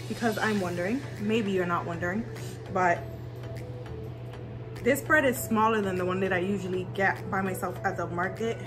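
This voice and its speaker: A woman talks to her viewers in a loose, rambling way, full of fillers, while she makes a meal in her kitchen. Her voice sits at an ordinary middle pitch. Music plays clearly underneath. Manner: rambling, chatty, many fillers. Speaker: vlogger. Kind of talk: casual cooking vlog chat.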